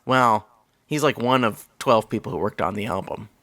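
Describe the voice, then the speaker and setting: A man's voice: on the low side, normal speed, no echo. A man co-hosting a comedy movie podcast, chatting casually and joking around. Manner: jokey, lively, dips into silly voices. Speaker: podcast co-host.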